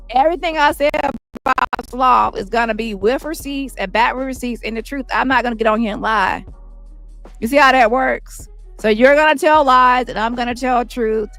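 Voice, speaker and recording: A woman's voice: fairly high pitch, a bit bright. Brash cursing woman ranting. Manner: brash, mocking, repetitive, heavy cursing. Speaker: commentary channel host. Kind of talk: profane ranting commentary.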